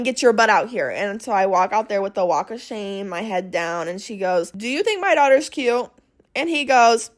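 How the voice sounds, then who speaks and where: A young woman hosting her own podcast, telling a personal story in a chatty, dramatic way and slipping into quoted voices. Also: medium pitch. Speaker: podcast host. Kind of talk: casual storytelling monologue.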